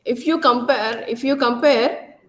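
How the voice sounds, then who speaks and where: A woman lecturer with an Indian English accent from Karnataka, giving a loud, repetitive classroom lecture full of tag questions. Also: fairly high pitch, a little slow. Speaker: college lecturer.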